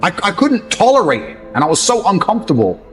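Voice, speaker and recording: Profane, scornful man, lively pitch. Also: fast. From England. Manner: profane, scornful, mocks others in put-on voices. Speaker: motivational speaker. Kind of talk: blunt motivational rant. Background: faint background music.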